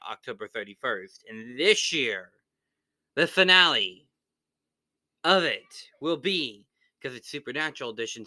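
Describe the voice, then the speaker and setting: A man with a very bright, dry-sounding voice chats casually while unboxing films. He gets animated and rants when he goes off on a tangent. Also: mid-range voice, no room sound. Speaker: co-host of unboxing channel.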